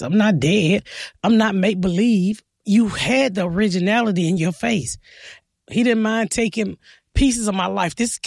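A woman stand-up comedian talks bluntly through her stories, acting out her own side of old conversations. Her voice has a gravelly edge. The sound is close and dry. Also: on the low side, no echo. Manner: blunt, storytelling, quotes herself in animated bursts. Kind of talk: casual interview talk.

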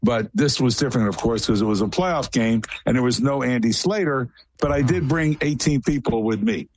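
A man's voice: mid-range voice, normal speed, a little mellow, a little hiss or hum. A man guest in a casual radio interview, telling long, rambling stories in a matter-of-fact way.

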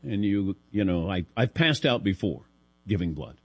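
A man's voice: low voice, big pitch swings, normal speed, dry recording. Dry-voiced man telling a self-deprecating story. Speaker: sports talk show host. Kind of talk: casual radio talk, storytelling. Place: studio. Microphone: studio broadcast mic.

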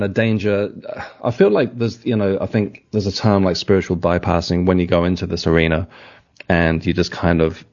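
An English man, an author, answering on a radio interview in a reflective, halting way with many fillers and self-corrections. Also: low-pitched, gravelly, darkish tone, dull audio. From England.

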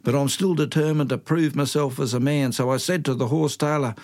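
A man's voice: medium pitch, steady tone, fairly quick, darkish tone. An older man with an Australian accent telling a folksy bush yarn, with slang and dramatic asides. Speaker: storyteller.

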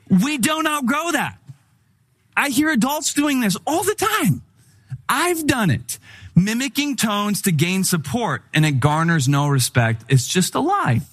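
Animated, joking male preacher. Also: sits high. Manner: conversational, humorous, animated storytelling. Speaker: pastor. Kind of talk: sermon.

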